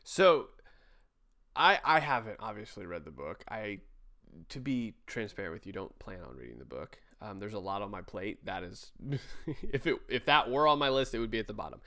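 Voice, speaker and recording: A man's voice: on the low side, animated, normal speed, bright, forceful tone. Man critiquing a sermon, conversational. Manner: conversational, critical, with restarts and asides. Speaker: sermon reviewer. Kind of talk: casual commentary over a played sermon.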